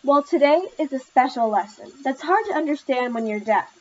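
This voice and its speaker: A patient female tutor from a storybook, cheering her student on, voiced by a woman reader. The voice sits a little high and gentle. The recording is somewhat dull and lo-fi. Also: animated, normal speed, a little hiss or hum. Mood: encouraging. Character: patient encouraging woman tutor teaching speech. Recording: slightly muffled lo-fi recording.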